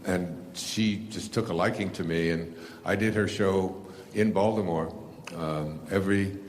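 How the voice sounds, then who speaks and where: A man's voice: low-pitched, fairly even intonation, unhurried, slight background noise. An older man telling a rambling personal story to a live audience, full of fillers and restarts, laughing at himself. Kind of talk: casual storytelling talk.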